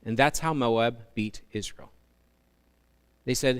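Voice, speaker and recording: Brief: male pastor, animated storytelling sermon, smooth resonant voice. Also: mid-range voice, slow pace. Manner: animated storytelling with humorous asides.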